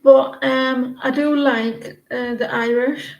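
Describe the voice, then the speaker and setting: A woman's voice: sits high, fairly even intonation, takes it slowly, a little mellow, lo-fi sound, a little hiss or hum. Chatty woman tarot reader, roomy sound. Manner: chatty, rambling, often restarts sentences. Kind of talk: casual live-stream tarot reading.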